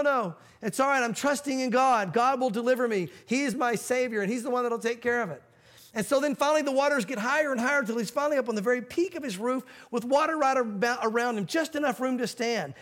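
High-voiced male preacher. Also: quick pace, fairly bright tone. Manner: storytelling with acted-out quotes. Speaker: pastor. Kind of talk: sermon.

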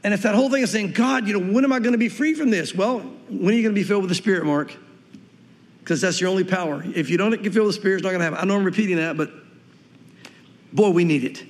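A man with a light Southern US accent preaches in a high, bright voice, talking fast and acting out the voices he quotes. His words ring out with a long echo, as if spoken in a large church hall. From Tennessee, US. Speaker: pastor. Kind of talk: sermon.

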